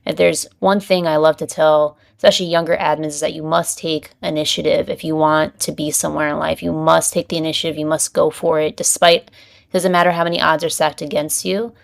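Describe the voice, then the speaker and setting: A woman hosts a podcast interview, earnest and encouraging in her questions. Her voice is very low and smooth. A gravelly fry runs through it. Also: level tone, a little fast. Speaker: podcast host. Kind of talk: interview conversation.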